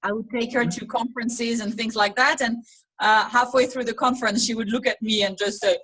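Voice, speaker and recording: A woman with a somewhat high voice tells a casual story as a volunteer on a video call. She talks in a relaxed, chatty way and laughs now and then. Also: brisk, slightly rough, rough recording. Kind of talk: casual anecdote.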